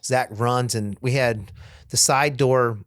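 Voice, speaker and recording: A man recounting a dramatic story as a podcast guest, swearing freely and slipping into the voices of the people he quotes. His voice sits at an ordinary middle pitch, and the sound is dry and close. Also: fairly even intonation, slow, dry recording. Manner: profane, vivid storyteller acting out quoted dialogue. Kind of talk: casual storytelling interview.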